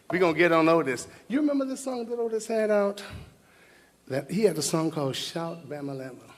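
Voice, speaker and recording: A man's voice: fairly high pitch, lively intonation, brisk. A man giving an exuberant ceremony speech on stage, hollering, whooping and laughing as he talks, bursting into bits of singing. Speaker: speaker at an awards ceremony. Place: large hall on stage. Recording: large hall reverb with faint music.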